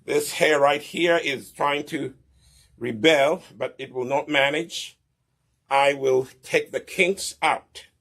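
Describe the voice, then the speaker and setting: Middle-aged man, bright tense voice, fairly high, hair care demo with a preachy, checking-in delivery. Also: slow pace. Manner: preachy, repeats questions like "Okay?" and "Do you understand me?". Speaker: hair care business co-owner demonstrating products.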